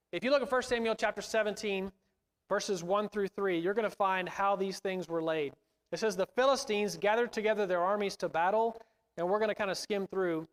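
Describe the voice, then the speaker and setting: Casting: high-pitched male Bible class teacher, casual and self-deprecating, recorded in a reverberant church hall. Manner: conversational, self-deprecating asides.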